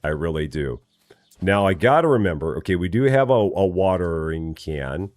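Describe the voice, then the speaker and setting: A man's voice: low-pitched, big pitch swings, normal speed, darkish tone, dry recording. A man casually commenting as he plays a farming game on a live stream, chatty and friendly, greeting viewers by name and often repeating his words. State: still waking up, early morning.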